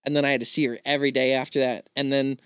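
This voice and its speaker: A man hosting a podcast, telling a story in casual chat, animated and laughing often. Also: medium pitch, rapid-fire, smooth, no echo, clean studio sound. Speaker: podcast host.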